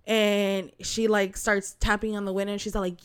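A woman's voice: medium pitch, unhurried, hardly any pauses, clear, resonant tone. A young woman in casual chat, animatedly telling a story and acting out the people in it. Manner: animated storytelling, acts out quoted customers.

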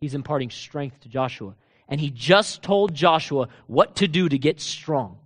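High-voiced man preaching an animated sermon. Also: measured pace. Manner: animated, rhetorical questions, swings between loud proclaiming and low quiet emphasis; laughs and talks casually to the congregation.

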